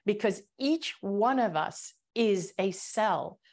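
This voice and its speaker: A woman calmly explaining a point on a webinar, walking the listener through an imagined scene. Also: mid-range voice, takes it slowly. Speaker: guest speaker. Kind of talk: webinar talk.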